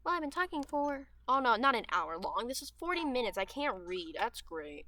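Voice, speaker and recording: A teenage girl rambling through gameplay chat in a bright, clear voice. Her throat is dry and sore, and she smacks her lips as she hops between thoughts with fillers and restarts. The sound is close and dry, with no room around it. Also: on the high side, big pitch swings, normal speed, no echo. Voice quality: dry mouth with audible lip smacking. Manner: chatty and meandering, with frequent fillers and trailing restarts. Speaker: gaming streamer.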